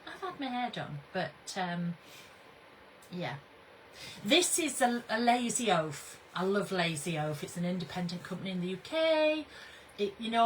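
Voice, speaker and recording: A woman's voice: fairly low pitch, slight background noise, low-quality recording. A woman hosting a casual livestream, chatty and bubbly, greeting her viewers by name. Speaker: craft brand owner hosting a livestream.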